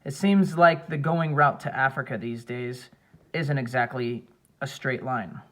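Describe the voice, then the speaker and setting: A man's voice: mid-range voice, a little slow, fairly bright tone, close to an everyday voice. A man voicing an aging adventurer anthropologist who talks in an easygoing, fatherly way in an audiobook. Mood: proud. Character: aging male adventurer anthropologist, warm and proud. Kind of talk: audiobook character voice.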